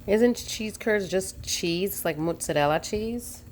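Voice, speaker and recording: A woman's voice: mid-range voice, slow pace, darkish tone, slight background noise. A woman vlogging in her home kitchen, chatting casually as she talks through each cooking step.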